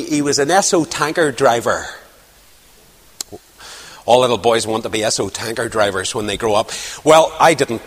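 A man preaching a sermon, emphatic, rising to near-shouts on key points. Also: high voice, big-room sound.

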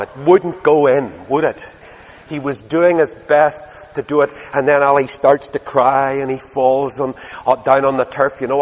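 An older man preaching a sermon, telling stories animatedly and asking his listeners rhetorical questions. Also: medium pitch. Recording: long hall reverb.

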